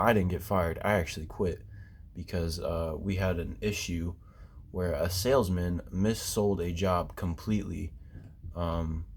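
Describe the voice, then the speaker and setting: A man's voice: low-pitched, a little mellow. A man ranting casually about quitting his job, swearing constantly and rambling with fillers and restarts. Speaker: former basement waterproofing worker. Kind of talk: casual profane rant.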